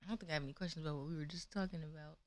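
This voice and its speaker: A woman co-hosting a casual morning livestream talk show, softly putting short questions to her partner. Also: low-pitched, fairly even intonation, racing.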